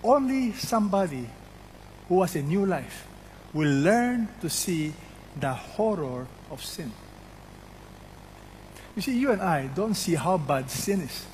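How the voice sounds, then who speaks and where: An older preacher, his voice sitting a bit higher than most men's. He drives home each point by repeating it and firing questions at the congregation. His sermon rings out with a long reverb, as if in a big hall. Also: expressive, takes it slowly, long pauses, a little mellow, a little hiss or hum. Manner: emphatic, repeats key words, asks the congregation questions.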